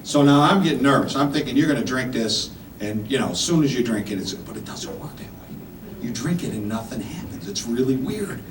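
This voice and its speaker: A man's voice: medium pitch, animated, fairly quick. A man in his fifties performing a stand-up comedy set, rambling and punchy, tossing in "right?" and "man" as he goes. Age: 50s. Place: comedy club stage. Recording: echoey club mic heard from far off, audience noise. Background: audience laughter.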